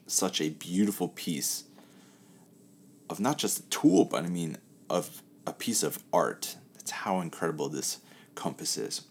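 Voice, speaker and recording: A man hosting a casual talk who tells a spoken parable in a relaxed, chatty way, letting his phrases trail off softly. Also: low voice, takes it slowly, long pauses, a little hiss or hum.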